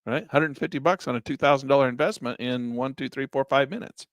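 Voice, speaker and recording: A middle-aged man giving a chatty screen-share lesson on day trading, calm in his explanations but now and then breaking into excited exclamations. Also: medium pitch, fast, no room sound, dull audio.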